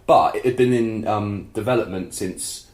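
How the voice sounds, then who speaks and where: A man co-hosting a podcast, chatting casually, laughing often and throwing in quick asides. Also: fairly low pitch, darkish tone, echoey room. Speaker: podcast co-host. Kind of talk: casual chat.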